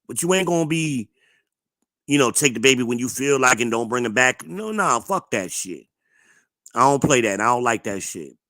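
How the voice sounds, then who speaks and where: A man's voice: mid-range voice, animated, moderate pace, pushed and bright. A man from New Jersey hosting a livestream, ranting to his chat in a blunt, profane, combative way. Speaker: livestream host. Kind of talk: ranting live-chat commentary.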